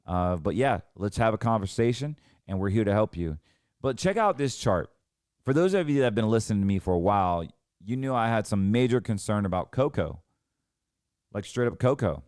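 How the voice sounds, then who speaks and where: A man's voice: lowish voice, lively intonation, a little fast, darkish tone, no room sound, studio quality. A man hosting a financial show, ranting in heated, emphatic commentary and often restarting his sentences.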